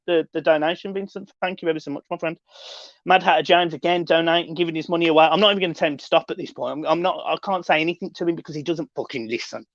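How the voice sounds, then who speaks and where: A man's voice: fairly high pitch, no room sound, dull audio. A man hosting a casual live stream, chatting upbeat and reading out viewer comments.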